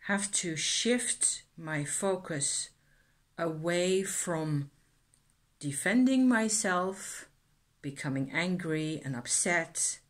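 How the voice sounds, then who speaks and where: A middle-aged woman vlogging reflectively about her feelings, hesitant and earnest, often trailing off and restarting. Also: on the low side. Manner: earnest, self-examining. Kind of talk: reflective personal vlog.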